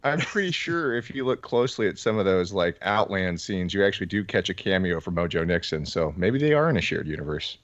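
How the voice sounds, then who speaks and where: A man co-hosting a casual movie podcast, making wry, drawn-out points. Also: low-pitched, very animated, a bit bright, dry recording, dull audio. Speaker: podcast co-host.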